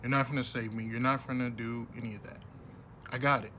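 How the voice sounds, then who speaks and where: A man talking bluntly and casually to camera in a rambling monologue, with many restarts, growing louder and heated at times. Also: medium pitch, fairly even intonation, fast, a little hiss or hum. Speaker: vlogger.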